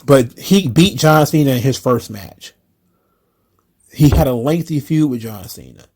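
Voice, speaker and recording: A man's voice: mid-range voice, a little slow, darkish tone, husky. A man hosting his own wrestling commentary, ranting casually in a profane, incredulous, repetitive way.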